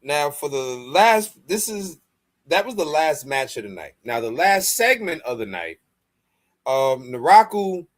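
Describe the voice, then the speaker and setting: Male co-host, animated recap voice, casual and profane. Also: on the high side, measured pace. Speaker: podcast co-host.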